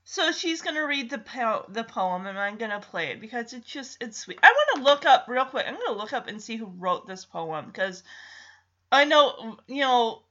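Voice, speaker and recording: A woman's voice: a little high, lively intonation, moderate pace, pushed and bright, lo-fi sound. A woman casually recapping a movie, chatty and emotional as she tells the story.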